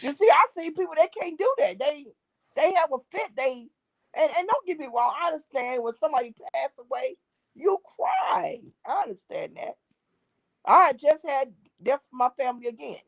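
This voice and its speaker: A woman's voice: high voice, sing-song, moderate pace, vocal fry. A middle-aged woman, a gospel singer and drummer, giving an emphatic, preachy faith testimony as an interview guest and repeating her key phrases. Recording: dull dry lo-fi recording.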